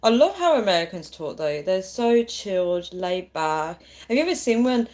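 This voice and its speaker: A woman's voice: mid-range voice, very animated, moderate pace, darkish tone. Chatty woman hosting a livestream. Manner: chatty, encouraging, greets and coaxes viewers. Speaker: livestream host. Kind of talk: live-stream chat with viewers.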